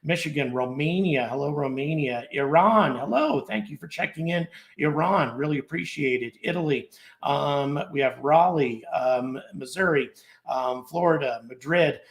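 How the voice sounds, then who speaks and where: A man's voice: mid-range voice, moderate pace. A middle-aged man hosting a live stream, thanking viewers and reading out where they are checking in from, in a rambling, grateful way with many fillers. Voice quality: gravelly. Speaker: livestream host.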